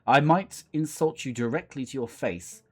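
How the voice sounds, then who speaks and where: A man's voice: medium pitch, moderate pace, a little mellow, breathy edge, natural voice. A man voicing a haughty, snobbish female cat in a video game, speaking in a pompous, disdainful way. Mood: snooty.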